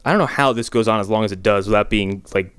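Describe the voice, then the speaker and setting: A man's voice: fairly low pitch, fast, a bit bright, clear, resonant tone, no echo. A man co-hosting a casual movie review podcast, laughing often and swearing. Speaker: podcast co-host.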